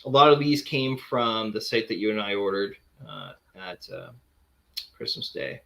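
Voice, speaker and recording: A man's voice: lowish voice, normal speed, vocal fry, bright, forceful tone. Rambling man chatting about comics. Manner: rambling, many fillers and restarts. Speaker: comic collector host. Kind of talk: casual chat showing comics.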